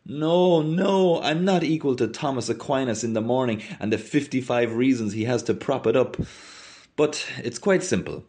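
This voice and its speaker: A man voicing a boisterous, mocking young Irishman who talks loudly and theatrically. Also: mid-range voice, moderate pace, voice pushed up, natural voice. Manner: loud, theatrical, teasing.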